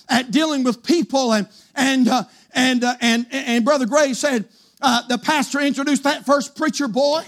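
A male pastor preaching a fiery revival sermon, shouting his points and dropping to a hushed voice for stories. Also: very high voice. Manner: shouting, swinging from loud to hushed storytelling.

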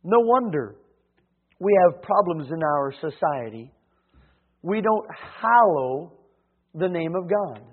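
A man preaching a sermon in church, swinging between hushed and emphatic delivery with frequent hesitations. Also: fairly high pitch, very animated, slow, long pauses, husky. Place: church sanctuary. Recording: tinny phone-like sound.

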